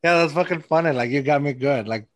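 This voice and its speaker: A man's voice: a little high, fast talker, no room sound. A man hosting a podcast, telling stories in a rambling, casual way full of "like". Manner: rambling storyteller, lots of "like". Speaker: podcast host. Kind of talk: casual chat.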